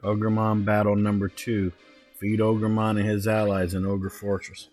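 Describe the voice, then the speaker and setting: A man's voice: lowish voice, monotone, normal speed, darkish tone. A man streaming live gameplay, swearing and trash-talking the game as he plays. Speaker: gaming streamer. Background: faint game music.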